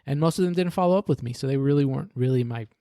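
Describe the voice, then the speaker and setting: A man's voice: mid-range voice, very fast, dark tone, dry recording, studio quality. A man, a podcast guest, earnestly tells his personal faith story in conversation, often restarting sentences and adding "right?".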